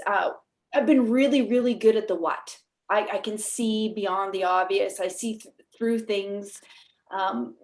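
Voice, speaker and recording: A woman with a Canadian accent, talking animatedly as a guest in a podcast interview, laughing often. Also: mid-range voice. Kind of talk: casual interview.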